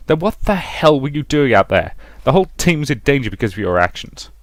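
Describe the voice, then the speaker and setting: A man's voice: mid-range voice, sing-song, racing, dry recording, pitched above the performer's own voice, natural voice. A man voicing a stern, contemptuous male major who scolds and mocks a subordinate. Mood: scolding. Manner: scolding, sarcastic, forceful.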